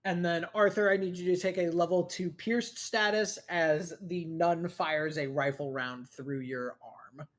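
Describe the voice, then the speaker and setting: A man's voice: fairly high pitch, fairly even intonation, unhurried, hardly any pauses, a bit bright. A young man narrating a tabletop game as game master, casual and rambling with plenty of swearing.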